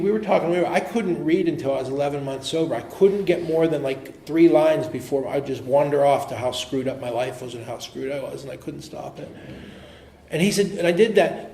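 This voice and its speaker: A middle-aged man telling his personal recovery story at a meeting, earnest and animated, quick to laugh and sometimes dropping to a murmur. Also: fairly high pitch, reverberant, slight background noise. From Pittsburgh area. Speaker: AA speaker. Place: meeting hall.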